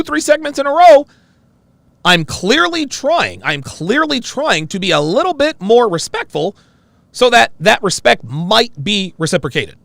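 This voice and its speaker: A man hosting a commentary show, replaying a call and mocking it with emphatic, animated delivery. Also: high voice, vocal fry, no room sound. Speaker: host. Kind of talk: commentary on a played call-in clip.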